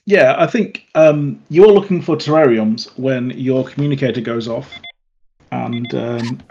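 A man narrating a tabletop game as game master, calm and descriptive. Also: mid-range voice, unhurried, muffled recording.

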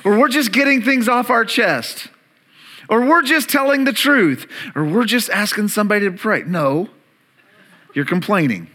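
A man's voice: high-pitched, lively intonation, moderate pace, bright, forceful tone. A man preaching a sermon as pastor, emphatic and calling on the congregation to repeat words back.

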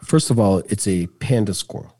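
A man's voice: on the low side, expressive, moderate pace, dark tone. A man who has a son, joking with friends about a video in an emphatic, playful way. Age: adult with a son. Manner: emphatic, acts out squeals. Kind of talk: casual banter.

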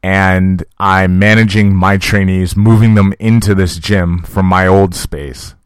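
A man's voice: deep voice, fairly even intonation, unhurried, clear, resonant tone, dry recording. A man, a fight coach, telling a story in a casual, profane, conversational monologue aimed at his listeners. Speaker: podcast host and fight coach.

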